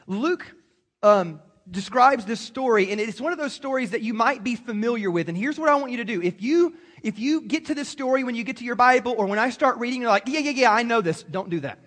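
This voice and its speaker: A man preaching a sermon to a congregation, animated and acting out quoted voices. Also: extremely high pitch, a little fast. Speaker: pastor.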